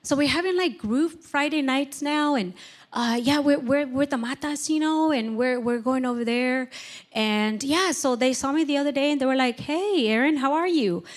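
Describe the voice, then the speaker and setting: Breezy, cheerful man bragging offhand, quoted by a woman. Pitched high. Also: normal speed, natural voice. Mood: chipper. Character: breezy carefree man bragging about his new life.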